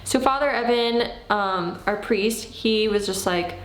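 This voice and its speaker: A woman in her thirties telling a personal story in a casual, animated way, acting out what she said back then. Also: mid-range voice, measured pace, reverberant. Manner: animated, acts out her own past lines. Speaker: vlogger.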